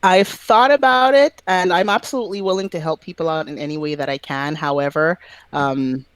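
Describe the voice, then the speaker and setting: A man on a video call telling a story in a relaxed, animated way, acting out the lines of the people he quotes. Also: a little high, fairly quick, smooth, no echo. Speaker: podcast guest. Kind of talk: casual storytelling chat.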